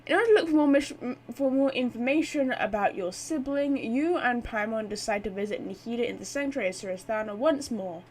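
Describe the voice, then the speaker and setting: A woman's voice: a little high, expressive, brisk, few pauses. A woman chatting casually as she sets up and opens a live game stream, thinking aloud as she goes.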